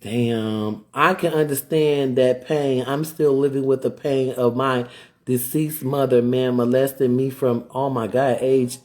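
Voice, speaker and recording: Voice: mid-range voice, steady tone, unhurried, darkish tone. Heated, emphatic live-stream ranter. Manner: emphatic, repetitive, rhetorical questions; greets viewers mid-rant. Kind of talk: ranting live-stream commentary.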